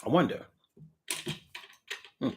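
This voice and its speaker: A man's voice: slow, a bit bright. A man hosting a livestream, reading viewer comments aloud and musing in a casual, drifting way with frequent hums, restarts and the odd swear word. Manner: blunt, with casual profanity.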